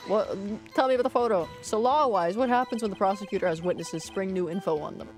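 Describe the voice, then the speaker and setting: A young woman VTuber streams a game, talking fast with few pauses in a mid-range, slightly mellow voice over soft background music. She jokes playfully and voices the characters' dialogue aloud.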